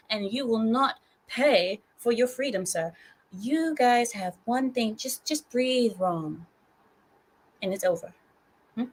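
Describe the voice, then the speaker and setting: Hoarse woman live-streamer scolding playfully. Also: on the high side, animated, a little slow. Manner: mock-stern, teasing scolding of viewers. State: hoarse from screaming. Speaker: livestream host. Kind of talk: casual live-stream chat.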